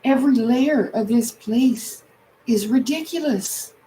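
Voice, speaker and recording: A woman chatting on a livestream while she paints, her voice sitting a little high. She rambles and swears in exasperation, upset and close to tears, over a faint hum of background noise. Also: slow pace, dark tone, low-quality recording. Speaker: livestream host. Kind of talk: casual chat while painting.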